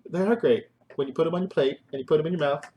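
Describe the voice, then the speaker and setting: A man's voice: a little high, rapid-fire, muffled recording, a little hiss or hum. A man hosting a casual live stream from his kitchen, goofy and rambling, mocking himself and making up silly songs. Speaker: host. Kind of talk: casual live-stream chat with joke singing. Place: home kitchen.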